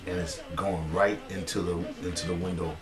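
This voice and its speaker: A man's voice: low-pitched, normal speed, echoey room. A man telling a funny neighborhood story in casual style, laughing and acting out voices. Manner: animated, laughs at own story, acts out voices.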